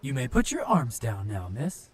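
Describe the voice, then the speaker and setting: Man doing a monotone police android. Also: medium pitch, moderate pace, husky, voice pushed up. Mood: polite. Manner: flat, clipped machine-like statements. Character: monotone male police android, calm and mechanical.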